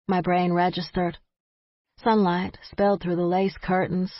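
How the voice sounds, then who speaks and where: A woman giving a measured, wry first-person narration of an audiobook. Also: on the low side, level tone, dry recording, dull audio.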